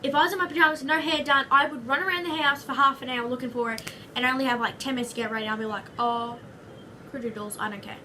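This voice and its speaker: A young Australian woman talks to her camera in a high, bright voice, rambling from one goofy aside to the next. She sits a little back from the mic, and faint room noise hangs behind her. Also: steady tone, very fast, far from the mic. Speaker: vlogger. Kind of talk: casual chatty vlog.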